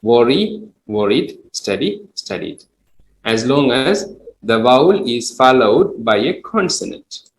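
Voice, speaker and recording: Man, english teacher, classroom lesson, slow deliberate explaining, echoey room, faint background hum. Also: mid-range voice, big pitch swings. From Sri Lanka. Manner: slow, patient explaining with repeated examples.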